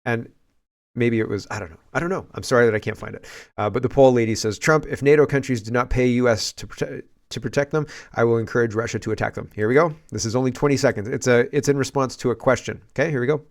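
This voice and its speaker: A man's voice: mid-range voice, fast talker. A man from Canada hosting a casual political commentary show, chatty and digressive, thinking aloud as he talks.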